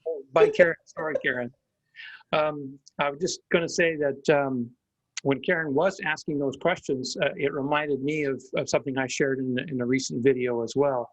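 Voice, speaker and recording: A man hosting a group video call, reflective and relaxed, with many fillers. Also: mid-range voice, moderate pace, no echo, highs cut off. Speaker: host.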